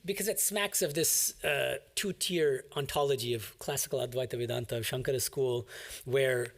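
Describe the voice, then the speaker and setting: A man's voice: medium pitch, normal speed, vocal fry. A man, a monk, giving an emphatic, explanatory commentary on a scripture reading to a class.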